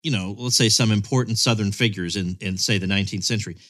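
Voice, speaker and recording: Bright-toned jokey male host. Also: lowish voice, quick pace. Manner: jokey, teasing, stammers when excited. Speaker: podcast host. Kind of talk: podcast interview.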